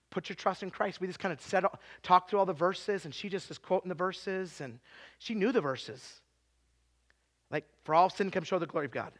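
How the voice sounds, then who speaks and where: Male preacher, high and bright, earnest, swings between hushed and loud while telling stories. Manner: earnest, repeats words, tells stories and acts out quotes. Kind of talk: sermon.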